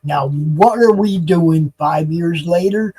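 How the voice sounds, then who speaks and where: A man's voice: fairly high pitch, slow pace, mellow, slightly rough, rough recording. A man in a laid-back chat, telling stories about voiceover work and the group's beginnings. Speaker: voiceover artist and co-organizer. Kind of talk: casual chat.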